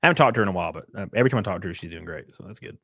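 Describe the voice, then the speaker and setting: A man's voice: low voice, lively intonation, racing, vocal fry, fairly bright tone, husky, no room sound, clean studio sound. A man with an American accent, chatting casually with his live-stream viewers in a rambling, laid-back way and cursing now and then. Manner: sings snatches of a theme song.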